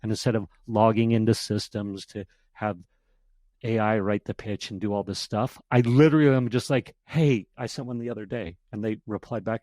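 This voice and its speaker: A man talking casually as a podcast guest, animated and acting out sample emails as he tells stories. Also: fairly low pitch, normal speed, dry recording. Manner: animated storytelling, acts out emails in quotes. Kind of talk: casual interview chat.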